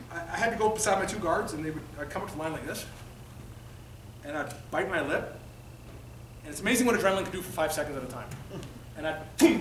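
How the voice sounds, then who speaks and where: A man in his late thirties from Canada, giving an animated motivational talk to students and acting out the voices he quotes. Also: a little high, slight background noise. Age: 30s. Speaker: motivational speaker. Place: high school gym or auditorium. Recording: echoey hall, mic at a distance.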